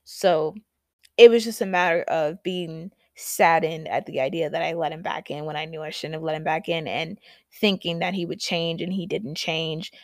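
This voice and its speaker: A young woman hosts her own podcast, speaking candidly in a loose, conversational way that trails off and restarts. Her voice sits low with a gravelly fry. The recording is dry and close. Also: fairly even intonation, normal speed, darkish tone, no room sound. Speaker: podcast host and poet. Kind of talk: casual podcast monologue.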